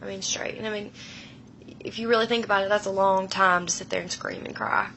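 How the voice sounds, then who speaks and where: A woman in her thirties retelling a frightening personal experience in a slow, emotional, hushed way, often dropping her voice low. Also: fairly even intonation, vocal fry, slight background noise, rough recording. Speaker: storyteller. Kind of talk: personal paranormal story.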